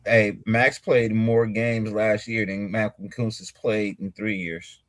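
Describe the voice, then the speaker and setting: A man's voice: fairly low pitch, level tone, slow pace, no echo. A man co-hosting a podcast, talking in a blunt, emphatic and mocking way. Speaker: podcast co-host. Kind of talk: casual podcast chat.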